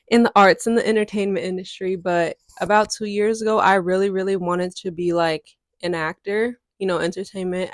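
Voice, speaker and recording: A woman's voice: lowish voice, no room sound, clean studio sound. A woman, chatting candidly to her viewers in a casual storytime vlog. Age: 20s. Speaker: content creator.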